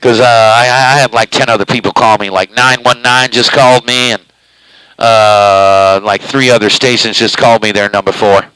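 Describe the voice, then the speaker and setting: Speaking in a steady, mid-range voice at a moderate pace, this man sounds pushed and bright. He's broadcasting his CB radio station live from home, drawling casually with his mouth practically on the microphone, as he puts it, eating it. The recording is low quality.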